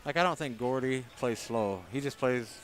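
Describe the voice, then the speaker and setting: Relaxed male pool commentator. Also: mid-range voice, normal speed, faint music behind. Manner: relaxed, conversational, explains shots plainly. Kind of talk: casual live commentary.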